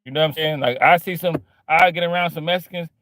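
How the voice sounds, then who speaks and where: Talking directly to camera, a man in his forties delivers a loose, swear-filled monologue, peppering it with "man" and "bro." His pitch is fairly high and his tone steady, while his quick delivery sounds pushed and bright. Faint music plays behind him as he vlogs.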